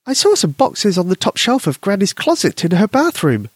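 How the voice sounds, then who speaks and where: A man doing a squealing, excited little girl. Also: high-pitched, moderate pace, slightly rough, no echo, studio quality, voice pushed up, heavily acted.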